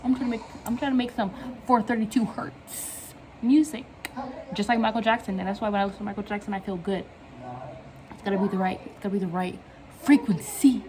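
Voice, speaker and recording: A woman's voice: mid-range voice, fairly even intonation, fairly quick, darkish tone, a little hiss or hum, low-quality recording. A young woman chatting casually in a vlog, rambling from one tangent to the next in slangy speech and laughing often, recorded on her phone at home. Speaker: vlogger.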